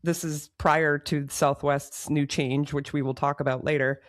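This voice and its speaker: A woman podcast co-host tells a story in a lively, self-mocking way and laughs in the middle of her sentences. Her voice sounds close and dry, with no room echo. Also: low voice, measured pace. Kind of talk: casual chat, storytelling.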